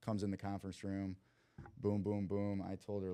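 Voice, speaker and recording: A man's voice: low voice, moderate pace, clean tone, no room sound. A young man from Cleveland, a podcast guest, telling a long story in casual slang and acting out the lines of the people in it. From Cleveland, USA. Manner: lively storyteller who acts out quoted dialogue; loose slang and frequent "like" fillers.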